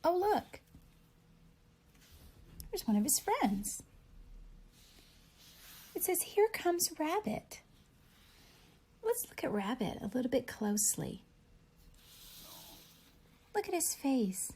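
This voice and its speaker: A young woman teacher reading a picture book aloud to young children, pausing to ask gentle questions. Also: high-pitched, slightly rough. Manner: gentle, animated storybook reading with questions to kids.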